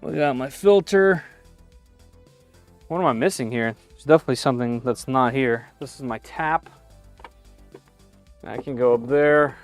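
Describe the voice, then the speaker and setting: While unboxing a machine in his home workshop, a man gives live-stream commentary, thinking aloud with frequent "uh"s and small restarts. His voice is medium-pitched at a moderate pace with frequent pauses, and faint music plays behind.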